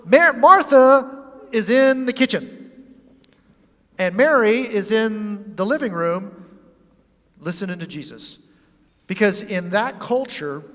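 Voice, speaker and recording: Male pastor, high voice, lively humorous sermon, acts out scenes, church, long hall reverb. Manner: animated and humorous, acting out scenes. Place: church sanctuary.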